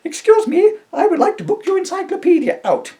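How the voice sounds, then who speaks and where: Older man doing a shrill posh lady, way up high, loud. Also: huge pitch swings, a little fast, exaggerated voice. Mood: prim. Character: shrill, fussy lady borrower.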